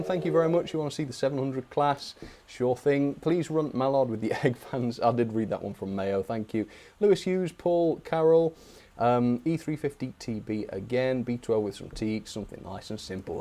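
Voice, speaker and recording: A man's voice: mid-range voice, dark tone. A man hosting a live stream, chatting in a friendly way as he reads out viewers' requests and thanks them by name. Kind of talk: reading out viewer chat requests.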